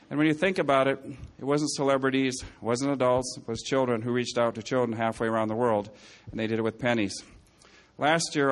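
Male speaker, mid-pitched, telling stories to a crowd, loose and digressive, correcting himself, dry wit. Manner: rambling, frequent self-corrections and asides. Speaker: public speaker. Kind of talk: anecdotal speech to an audience.

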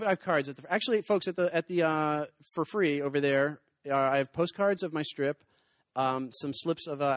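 Man, stand-up comedian, rapid patter, dry close sound, rambling crowd work, self-deprecating. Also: medium pitch, no echo. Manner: rambling, self-deprecating, quick asides to the audience. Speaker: comedian and cartoonist. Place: small hot venue with a spotlight.

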